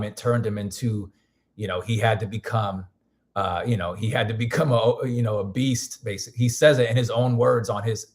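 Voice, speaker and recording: A man with a hoarse voice chatting casually on a live stream. He rambles loosely, doubling back and restarting his sentences as he goes. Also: mid-range voice. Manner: rambling, frequent restarts and fillers. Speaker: music producer streaming.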